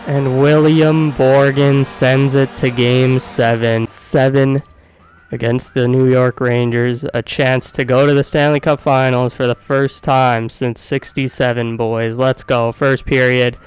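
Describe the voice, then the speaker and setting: A man commentating his own video game as he plays, excitable and profane, swinging from quiet muttering to loud cheering. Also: medium pitch, unhurried, clear, resonant tone, low-quality recording. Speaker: gaming YouTuber.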